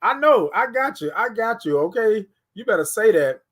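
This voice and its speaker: A man hosting a casual morning livestream, greeting viewers and reading their comments aloud in an animated way. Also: high voice, normal speed. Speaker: livestream host.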